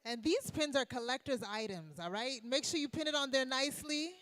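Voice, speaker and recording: A woman's voice: high voice, a little fast, a bit bright, no room sound. A woman hosting an awards gala, upbeat and drawing responses from the crowd. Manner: upbeat crowd-engaging emcee. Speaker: event host. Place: banquet hall at an evening event.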